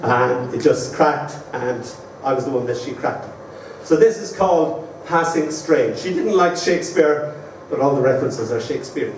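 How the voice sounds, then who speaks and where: An Irish man giving a live poetry reading, reciting slowly and measuredly, with wry anecdotes between the poems. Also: medium pitch, expressive, slight background noise. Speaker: poet. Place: live performance venue. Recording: roomy hall from far off.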